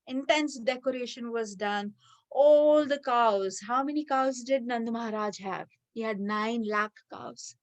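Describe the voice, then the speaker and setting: A woman retelling a devotional story to a class in a conversational, lively way. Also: on the high side, no room sound.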